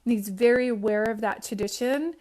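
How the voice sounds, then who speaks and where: A woman's voice: on the high side, a little fast, darkish tone. A woman giving a live-streamed psychic reading, talking in a chatty way, often close to tears and keeping on checking in with her listeners. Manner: emotional, near tears at times. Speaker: psychic medium. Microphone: phone livestream.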